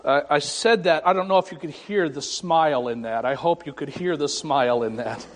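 A man preaching a sermon as pastor, pausing dramatically and voicing scripture and God's words with rising emphasis. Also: on the high side. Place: church sanctuary. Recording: long hall reverb.

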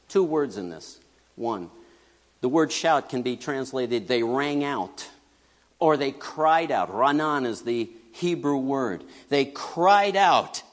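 A middle-aged man preaching a conversational sermon, animated and joking, swinging between loud bursts and hushed asides. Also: a little high. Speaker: pastor. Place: church sanctuary. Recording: long reverb of a large church hall.

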